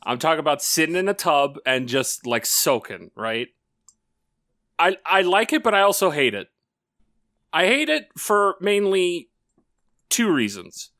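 Bright-voiced man telling crude stories. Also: a little high, unhurried, long pauses, no echo, clean studio sound. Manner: rambling, profane, animated storytelling. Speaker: podcast co-host. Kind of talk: casual crude podcast banter.

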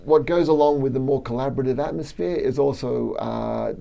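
A man's voice: mid-range voice, brisk, gravelly, dark tone. A middle-aged man from Australia with an Australian accent, a plant biology professor chatting in an interview, laughing often and restarting his sentences. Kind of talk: relaxed interview conversation.

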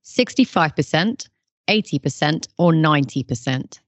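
A woman's voice: deep voice, expressive, normal speed, no echo. A woman hosting a podcast quiz, reading out questions and playfully keeping her guests in line. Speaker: podcast host and quizmaster.

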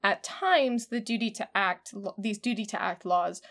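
A woman's voice: mid-range voice, moderate pace, a bit bright. A woman co-hosting a casual discussion, chatty and full of "like" fillers. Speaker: podcast co-host.

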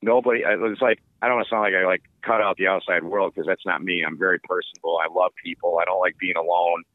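A sports broadcaster answering interview questions in a relaxed, rambling way with lots of fillers. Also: male voice, sits low, fast talker, no room sound. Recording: tinny phone-like line.

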